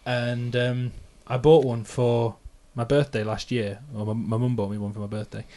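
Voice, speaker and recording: Warm in tone, his medium-pitched voice stays flat at a moderate pace as this English musician in his thirties hosts a podcast. He talks casually about his songs, often laughing and teasing himself.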